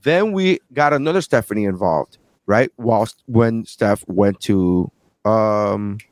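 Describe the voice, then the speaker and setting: A man's voice: lowish voice, lively intonation, slow, no room sound. A man hosting a podcast, telling crude, joking stories in casual chat. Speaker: podcast host.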